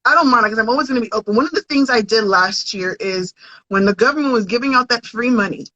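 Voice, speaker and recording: Bright-voiced woman podcast guest. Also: a little high, fast, no echo. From United States. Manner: earnest, conversational, with false starts. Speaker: podcast guest, content creator. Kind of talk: casual interview chat. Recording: dull, dry audio.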